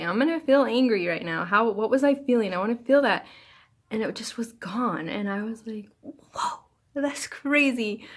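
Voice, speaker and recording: Earnest woman, drifting into near-whispers. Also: medium pitch. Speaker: self-help speaker. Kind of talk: casual personal talk.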